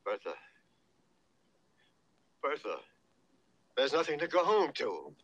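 A man playing a weary small-town man in an old film, with a husky voice. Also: medium pitch, big pitch swings, slow pace, fairly bright tone, exaggerated voice. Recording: dull lo-fi film clip playback.

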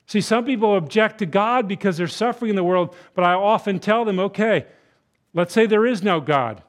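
A man preaching a sermon in church, moving between hushed, tender passages and loud, bellowing emphasis, and acting out voices for effect. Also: high voice. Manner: acts out quoted voices for effect. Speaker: guest preacher. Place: church sanctuary.

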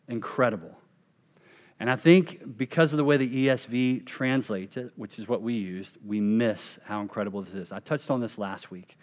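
A man pastor delivering a sermon with a mid-range voice. He leans hard on key phrases, stretching them out and dropping them to near a hush. The sound carries the long reverb of a church sanctuary. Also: mid-range voice. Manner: emphatic, slows and drops to a hush on key phrases.

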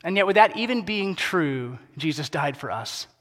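A pastor preaching a sermon in a casual, conversational way, dropping to a soft, quiet voice for emphasis. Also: male voice, a little high, lively intonation, moderate pace. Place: church sanctuary. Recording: long hall reverb.

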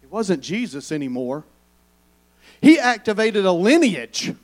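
A man preaches to his congregation in a high voice. He keeps it conversational and calls on the listeners to answer him back. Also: animated, unhurried. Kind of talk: sermon.

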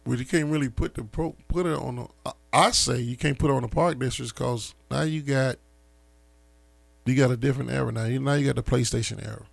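A man with a deeply gravelly, crackling voice tells neighborhood stories in loose street slang, animated and laughing as he goes. The sound is dry and close, with no room around him. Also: a little fast, no echo. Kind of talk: casual storytelling chat.

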